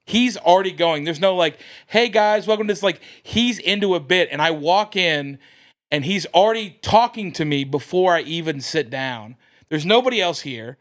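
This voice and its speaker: An American man with a somewhat high voice tells a story on a podcast. He talks in a lively, animated way and acts out the people he quotes. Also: normal speed. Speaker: comedian guest.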